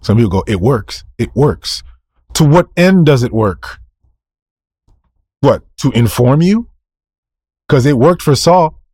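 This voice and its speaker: A man's voice: mid-range voice, animated, a little slow, long pauses, dark tone, husky, no room sound, clean studio sound. A male preacher delivering a sermon, emphatic, firing off rhetorical questions, answering them himself and repeating key phrases.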